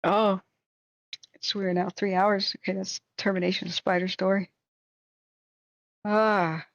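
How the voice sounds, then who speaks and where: A woman hosting a livestream, telling a rambling story in a casual, animated way, acting out what people said. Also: mid-range voice, a little slow, vocal fry, highs cut off. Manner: animated, rambling, acts out quotes with shrieks and laughs. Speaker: livestream host.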